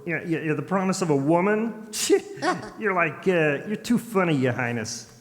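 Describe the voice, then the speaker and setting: A man's voice: fairly high pitch, animated, normal speed, lightly acted. A man playing a laid-back masked hero in a live stage reading, drawling with lots of "like" and "uh". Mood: teasing. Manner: drawling, full of "like" and "uh", stammers. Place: convention stage. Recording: reverberant convention hall.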